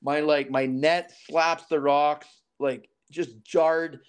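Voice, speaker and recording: Podcast guest, man in his 30s, from Alberta; lively raconteur who voices the people in his story, voice sits fairly high. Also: takes it slowly, clear, resonant tone. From southern Alberta, Canada. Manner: animated, acts out quoted dialogue. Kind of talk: casual storytelling.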